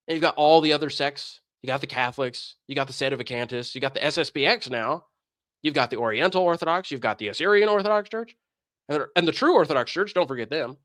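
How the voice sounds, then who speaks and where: A man's voice: mid-range voice, expressive, brisk, a bit bright, no room sound, studio quality. A man streaming a casual commentary rant in a sarcastic, mocking manner.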